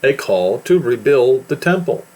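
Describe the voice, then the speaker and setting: A man's voice: mid-range voice, very animated, unhurried, a little mellow. Emphatic American man preaching commentary. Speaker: religious commentator. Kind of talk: preaching commentary on news and scripture.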